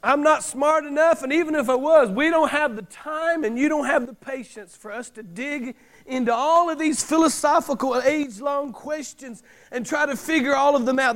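A middle-aged man preaching a sermon, repeating key lines and driving points home with loud bursts. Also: very high voice. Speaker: pastor.

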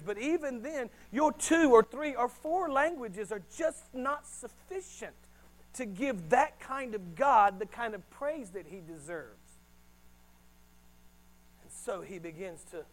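A middle-aged man preaching a sermon as a pastor, swinging between hushed and loud delivery. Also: sits high, lively intonation, a little slow, rough recording.

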